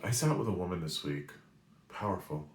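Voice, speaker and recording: A man in his forties from New England, with a very low voice, tells a story in an animated way. He often pauses to ask "right?" The recording sounds roomy and echoey. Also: slight background noise. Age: 40s. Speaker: spiritual reader and weekly message host. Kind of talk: storytelling monologue. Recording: roomy echo.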